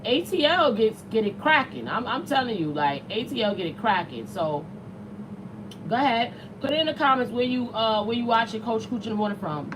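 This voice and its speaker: A slightly high-voiced woman in her late thirties hosts a casual livestream. She talks bluntly and chattily as she reads viewers' comments aloud. A faint hum of noise sits behind her voice. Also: expressive, brisk. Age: late 30s. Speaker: show host.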